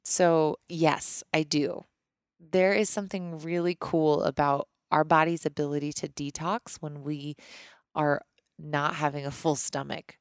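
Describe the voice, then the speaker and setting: Woman podcast host, thirties, lowish voice, dry close sound, chatty and rambling. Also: steady tone, a little slow, smooth, no echo. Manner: candid, rambling, frequent restarts. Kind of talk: casual chat answering listener questions.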